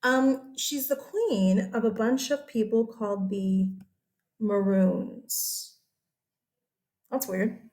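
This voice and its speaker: Chatty woman teacher with a higher voice. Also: slow, pauses often. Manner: chatty, animated, often checks in with "okay?". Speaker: history teacher. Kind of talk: casual classroom lecture over slides.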